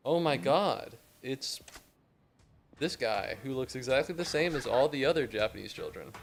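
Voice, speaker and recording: A man giving casual gameplay commentary, rambling and profane, bursting into excited yelling. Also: mid-range voice, a little slow, gravelly, long pauses, faint music behind. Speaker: gaming YouTuber.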